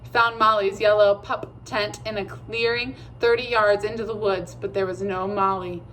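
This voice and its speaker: A woman narrating a children's chapter book with a steady, measured reading. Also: medium pitch, slight background noise, poor audio. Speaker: audiobook reader. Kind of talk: storybook narration.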